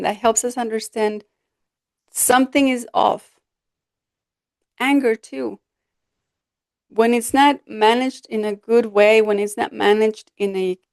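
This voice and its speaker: A woman coach talks through her solo podcast in an earnest, expressive manner, now and then acting out what others have said. Her voice sits on the higher side, and the recording is dry and close with almost no room sound. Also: no room sound. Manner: expressive, earnest, with quoted asides. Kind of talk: reflective solo podcast talk.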